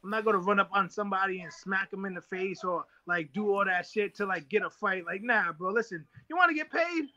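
High, bright-voiced man telling a story. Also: fairly quick, few pauses, muffled recording. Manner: animated, acts out other people's lines. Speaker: boxer, interview guest. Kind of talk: casual storytelling interview.

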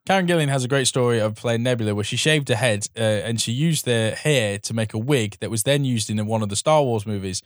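A man's voice: medium pitch, a little fast, hardly any pauses, no echo, clean studio sound. A man co-hosting a film podcast, reading out trivia casually with many ums. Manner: chatty, reads trivia with fillers. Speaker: podcast co-host.

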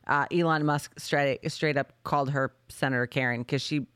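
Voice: mid-range voice, fairly even intonation, moderate pace, fairly bright tone, smooth, no echo, studio quality. A podcast host in casual chat, sarcastic and mocking, steering the talk.

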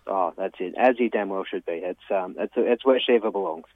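A man co-hosts in a laid-back, halting way with dry humour. His voice comes through a tinny, phone-like line and sounds dry, with no room echo. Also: low voice. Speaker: podcast co-host. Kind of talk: casual podcast chat.

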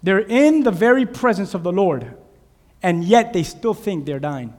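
A man preaching a sermon, animated, acting out shouted voices from Bible stories. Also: sits high, unhurried. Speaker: pastor. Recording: long hall reverb.

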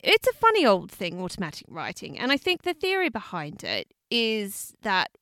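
Aussie woman podcasting, bright and sharp, bouncy pitch, cheerful swearing. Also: normal speed, no room sound. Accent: Australian. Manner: animated, swears freely, laughs often. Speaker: podcast co-host. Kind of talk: casual chat.

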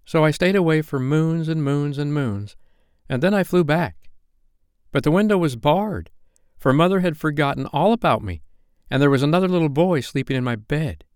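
A man's voice: on the high side, moderate pace, a little mellow, clean tone, no echo, studio quality, pitched above the performer's own voice, natural voice. A man doing a proud, commanding boy leader. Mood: wistful. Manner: commanding, clipped delivery. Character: proud boy leader who never grows up.

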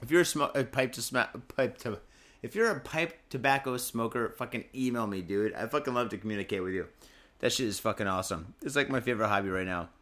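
A man's voice: mid-range voice, fast talker, a bit bright. Profane, rambling man hosting a podcast. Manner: profane, rambling, laid-back. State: drinking booze while talking. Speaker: podcast host. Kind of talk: casual drinking podcast chat and news reading.

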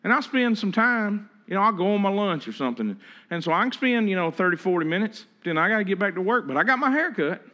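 A preacher, a man with a high and bright, ringing voice. He preaches in a loose, conversational way, stumbling over repeated words and slipping into little acted-out voices of the people in his stories. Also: big pitch swings, fast talker. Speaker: pastor. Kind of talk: sermon.

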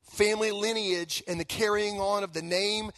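High-voiced man preaching conversationally. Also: normal speed, dry recording. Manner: conversational, animated storytelling with fillers. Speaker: guest pastor. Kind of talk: sermon with personal stories.

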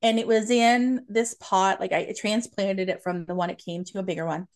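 A woman's voice: medium pitch, fairly even intonation, normal speed. Enthusiastic woman telling stories, lots of fillers. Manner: enthusiastic storyteller, many fillers and restarts. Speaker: medium, podcast guest. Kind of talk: casual chat.

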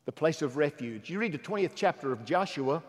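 A man preaching a sermon in a fairly high voice, with a long reverb trailing each phrase as in a large hall. He swings from loud, ringing exhortation to hushed, intimate asides. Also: animated, a little fast.

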